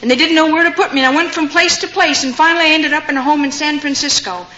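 Quick-paced and high-voiced, an older woman delivers her testimony to an audience, her delivery pushed and bright. She narrates stories and imitates the voices of those she quotes. The recording sounds dull and lo-fi, with faint background noise.

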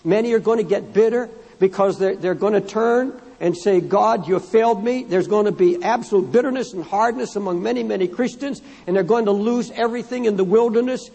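High-voiced, husky fervent preacher man. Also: a little fast, hardly any pauses, dark tone. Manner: fervent preaching, repeating phrases for emphasis; reads scripture aloud and addresses the congregation directly. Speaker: pastor. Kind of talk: sermon. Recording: long hall reverb in a church.

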